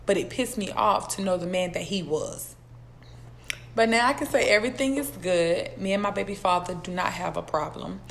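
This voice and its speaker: A young woman, telling a personal story in a casual vlog, blunt, profane and animated as she talks straight to her viewers. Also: medium pitch, vocal fry. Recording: echoey room with faint background noise.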